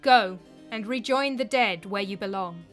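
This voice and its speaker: A woman voicing a nervous young male chieftain who speaks loudly, his voice straining and breaking. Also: mid-range voice, a little slow, faint music behind, lightly acted. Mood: commanding.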